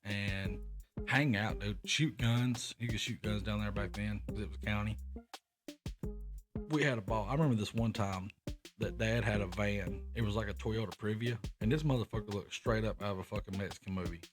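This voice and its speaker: A man's voice: fairly low pitch, moderate pace. A young man hosting a podcast, telling rambling, profane stories in casual chat. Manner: profane, rambling anecdotes with animated quoted voices. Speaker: podcast host. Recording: music playing in the background.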